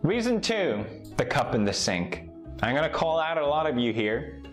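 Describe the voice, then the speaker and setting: High-pitched man ranting with animated sarcasm. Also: normal speed, music in the background. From Europe. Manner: exaggerated, sarcastic and swearing. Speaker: comedy YouTuber. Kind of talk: comedic rant clip.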